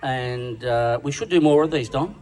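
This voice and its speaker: A man's voice: medium pitch, normal speed. An Australian man giving a bawdy, crude, self-mocking roast speech on stage at a dinner, with the crowd laughing along. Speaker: roast speaker. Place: large function room at a dinner event. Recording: distant sound with a loud crowd.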